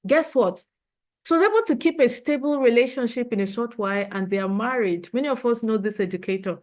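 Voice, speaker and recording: A woman's voice: on the high side, fairly quick, a little mellow. A woman trainer giving a motivational leadership talk, earnest and emotional, repeating her points for emphasis.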